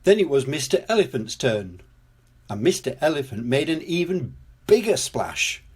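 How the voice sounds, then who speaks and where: An older man reading a children's storybook aloud, gently and expressively, as storyteller. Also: fairly high pitch, big pitch swings, normal speed, breathy edge.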